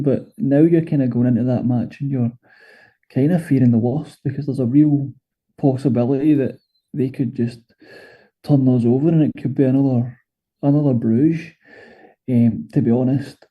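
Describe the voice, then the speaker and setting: A man's voice: medium pitch, fairly even intonation, moderate pace, slightly rough, dull audio. A Scottish man co-hosting a football podcast, talking casually and hesitantly, with many fillers and restarts. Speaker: podcast co-host.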